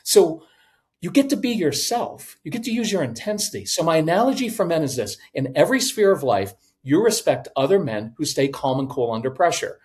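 A man in his fifties giving casual parenting advice on a podcast, animated and acting out quoted voices. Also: fairly high pitch, fairly quick. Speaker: podcast guest, parenting coach.

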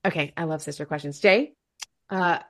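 A woman's voice: low-pitched, normal speed, a bit bright. A woman hosting a podcast in casual chat, bubbly and chatty as she steers the talk. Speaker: podcast host.

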